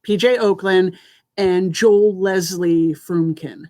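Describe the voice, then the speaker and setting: A woman audiobook narrator, a guest on a talk show, chatting in a lively, practical way. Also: on the low side, slow. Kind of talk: casual chat.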